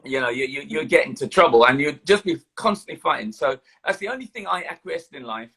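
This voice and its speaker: An older man with a London accent, a guest in a casual interview, telling his life story in a lively way with many fillers. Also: a little high, a little fast, creaky, breathy edge. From London, England. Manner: animated storytelling, hesitant fillers.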